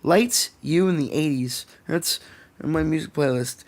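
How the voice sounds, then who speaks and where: A man's voice: on the high side, unhurried, vocal fry. A young man with a Canadian accent, ranting sarcastically and swearing often as a podcast co-host. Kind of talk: casual chat. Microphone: podcast microphone.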